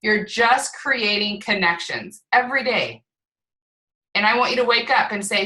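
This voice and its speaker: A woman leading a team call, coaching in an energetic way, repeating points and often checking in with "right?". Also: on the high side, moderate pace, low-quality recording. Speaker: team leader on a group call. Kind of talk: motivational coaching talk.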